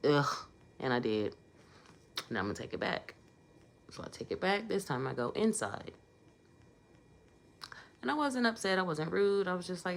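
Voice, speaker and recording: A woman's voice: fairly low pitch, sing-song, normal speed, creaky, long pauses, a little hiss or hum. A woman telling a casual storytime vlog in a conversational way, getting emphatic in her asides.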